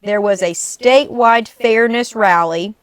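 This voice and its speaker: A woman co-hosts a political podcast in a relaxed, chatty way, steering the conversation along. The recording is dry and close, with no room sound around her. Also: fairly high pitch, unhurried, no room sound. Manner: chatty, leading the segment. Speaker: podcast co-host. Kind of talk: casual political chat.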